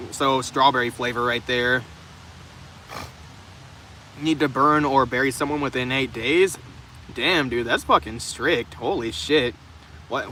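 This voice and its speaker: A young man with a medium-pitched, pushed, bright voice streams live in the rain from the open trunk of his car. He rambles through viewers' comments in a casual, foul-mouthed way, repeatedly stumbling and restarting. Behind him are faint rain and traffic passing by.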